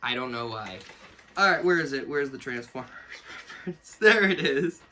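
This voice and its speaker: A man's voice: medium pitch, animated, moderate pace, bright, forceful tone, slight background noise. A young man in casual, rambling commentary, mocking himself and laughing often as he reviews something he wrote as a kid. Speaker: YouTuber reviewing his own childhood book.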